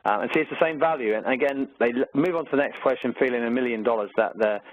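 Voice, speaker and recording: Talking fast in a mid-range voice, this Australian man runs an exam-question walkthrough as a maths webinar, chatty and upbeat with plenty of filler words. The sound is thin and phone-like, with no reverb.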